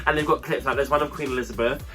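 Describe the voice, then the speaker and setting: A man's voice: fairly even intonation, very fast, sharp tone, soft background music. A man co-hosting a casual chat podcast, with a nasal voice and a camp, playful delivery. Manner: camp and playful, pitch swooping up and down. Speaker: podcast co-host.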